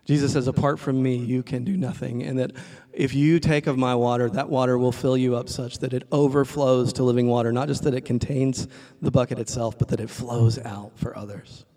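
A man preaching a conversational sermon, retelling a story with lively quoted voices and closing in a soft prayer. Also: mid-range voice, fairly quick, few pauses. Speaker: pastor.

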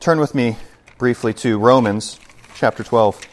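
A man preaching a sermon in a church as pastor, emphatic, shifting between loud passages and hushed ones. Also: medium pitch, unhurried.

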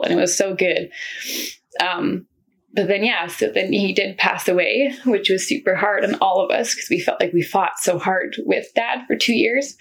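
A woman's voice: medium pitch, husky. A young woman sharing her personal faith testimony in an earnest, rambling way, full of fillers.

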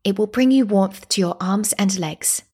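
A woman's voice: medium pitch, moderate pace, warm tone, slightly rough, close to an everyday voice. A woman voicing a stern but caring village matron who gives firm instructions. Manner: firm, commanding.

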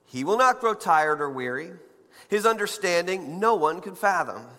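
A man's voice: sits high, lively intonation, normal speed, sharp tone, in a large hall. A man preaching a sermon in a conversational way, with playful asides and frequent restarts. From United States. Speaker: pastor.

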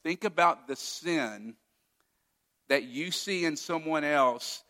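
A man's voice: fairly high pitch, slow pace, pushed and bright. A man preaching a sermon as a pastor, retelling a story and acting out its quoted lines with feeling. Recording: long hall reverb.

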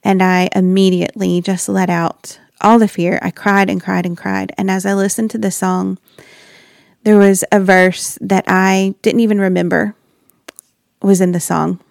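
A woman's voice: mid-range voice, little pitch movement, unhurried, gravelly, no echo, studio quality. A woman sharing an earnest, reflective personal faith story as a wife and mother. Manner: earnest, reflective, with soft laughs.

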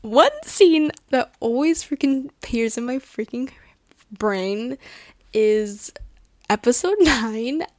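A woman hosting a casual solo podcast, talking in an excitable, gushing, chatty way at a table indoors, with lots of laughs and fillers. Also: fairly high pitch, slow, no room sound. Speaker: podcast host.

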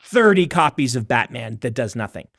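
A man's voice: medium pitch, big pitch swings, creaky, fairly bright tone, no room sound. Chatty man on a dry podcast mic. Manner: chatty, explanatory, quick asides. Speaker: podcast co-host, author. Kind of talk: casual chat.

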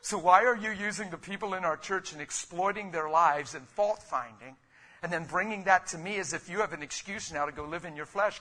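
A middle-aged male preacher with a fairly high, bright, forceful tone. He preaches with fervor, dropping to near-whispered asides before surging into loud, emphatic declarations. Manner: fervent, swinging from quiet to loud emphatic bursts. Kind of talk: sermon.

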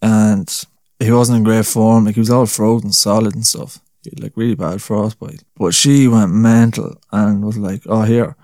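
A man's voice: fairly low pitch, steady tone, moderate pace, mellow, no room sound. Rambling young man with a dry, close sound. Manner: rambling, swears, laughs at his own story. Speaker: podcast host. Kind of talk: casual solo podcast chat.

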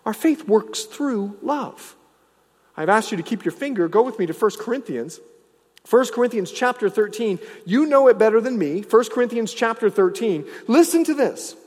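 A male pastor preaching a sermon, swinging from loud, emphatic lines to hushed, low ones. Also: long reverb tail.

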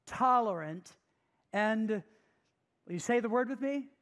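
Pastor delivering a teaching sermon, slow and deliberate, stresses and repeats key phrases, mid-pitched voice. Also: lively intonation, fairly bright tone. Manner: emphatic, repeats key phrases and asks the listeners questions.

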